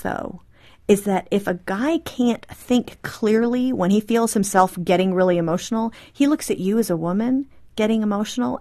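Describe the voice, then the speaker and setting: An animated woman talking as a guest in an interview, her voice sitting at an ordinary middle pitch. She explains her points readily and slips into acting out brief quoted conversations as she goes. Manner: animated, acts out quoted dialogue. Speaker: guest author.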